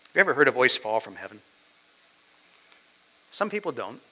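A male pastor preaching a sermon, dramatically swinging between loud declarations and hushed asides. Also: medium pitch, big pitch swings, normal speed, slightly rough, low-quality recording.

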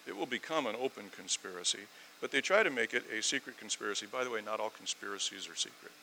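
Male preacher, bright tone, animated sermon delivery with sarcastic rhetorical questions. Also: fast, slight background noise, low-quality recording. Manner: animated, swings from loud emphasis to low asides.

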